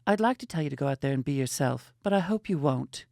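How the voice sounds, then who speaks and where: A man voicing a cold, dismissive veteran female TV host with a flat, deadpan delivery. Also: on the high side, fast talker, gravelly, no echo, studio quality.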